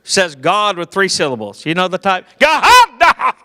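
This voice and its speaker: In an echoey church hall, this middle-aged Georgia comedian speaks with a Southern US accent, telling clean, folksy stories that poke fun at himself, with fillers along the way. His high-pitched, sharp voice has lively intonation and moves at normal speed.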